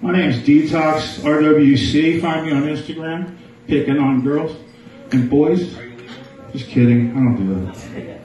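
A man's voice: fairly high pitch, steady tone, a little slow, darkish tone, recorded from a distance, lo-fi sound. A man doing a crude live stand-up set in a small bar, riffing with the crowd. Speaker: stand-up comedian. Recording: echoey bar, mic heard from afar.

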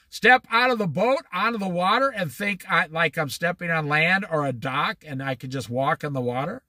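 On the Oregon coast, a man with a lively, high voice leads an informal Bible study. He reads passages then explains them in a conversational way, dramatizing the quotes as he goes. The audio has no echo.

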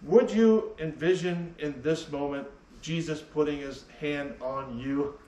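A man's voice: on the high side, a little slow, warm tone, distant mic, a little hiss or hum. Man preaching a sermon in an echoey church. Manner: emphatic, repeats key phrases. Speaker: pastor. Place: church sanctuary.

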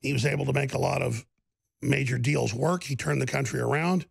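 A man hosting a talk show pours out an emphatic, rambling monologue. His voice is deeply gravelly and thick with rasp. It sounds close and completely dry, with no room around it. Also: fairly even intonation, brisk, dry recording.

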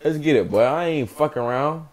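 A man's voice: a little high, lively intonation, fairly quick, faint music behind. A young man hosting a gaming channel, giving hyped let's-play commentary, trash-talking and chanting catchphrases while he plays.

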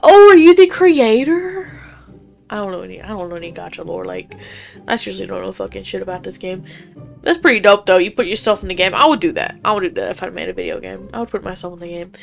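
A woman's voice: on the low side, fairly even intonation, fast talker, creaky, a bit bright, soft background music. A young woman giving casual gameplay commentary, chatty and laughing often, reading game dialogue aloud and swearing casually. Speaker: gaming YouTuber.

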